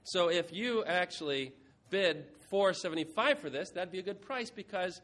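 Animated man preaching, fairly high voice. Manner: lively, playful, shifts from quiet reflection to brisk auctioneering. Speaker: pastor. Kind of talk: sermon with a mock auction.

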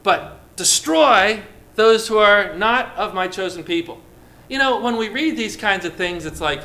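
A man's voice: high voice, expressive, unhurried, pushed and bright. A pastor preaching a sermon to his congregation, calling on listeners by name and acting out quoted lines.

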